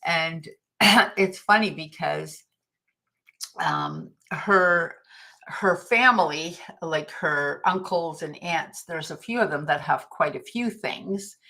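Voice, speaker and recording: Middle-aged woman, lowish voice, anecdotal livestream host with a chatty, laughing delivery. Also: takes it slowly, sharp tone. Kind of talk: casual motivational talk.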